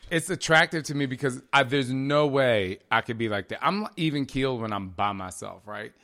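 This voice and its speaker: A man in a relaxed couple's chat, telling stories about his kids with plenty of energy. He acts out the voices of the people in his anecdotes and laughs easily. His voice sits in a middling pitch. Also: normal speed. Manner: animated storytelling, acts out voices in quotes, laughs often. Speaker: podcast co-host, husband and father.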